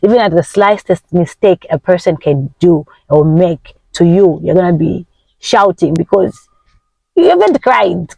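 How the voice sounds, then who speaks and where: A woman whose first language is Nyanja, talking as a self-help coach. She gives emphatic, faith-filled encouragement in a vlog, with big swings in pitch and tempo. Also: expressive, unhurried, vocal fry, mellow, slightly rough, dry recording. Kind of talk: motivational vlog talk.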